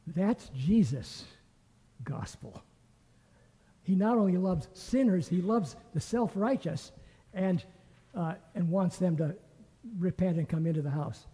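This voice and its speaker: A man's voice: high voice, takes it slowly, pauses often, breathy edge. Older man teaching the Bible in a hall. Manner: lively storytelling, acting out quoted voices.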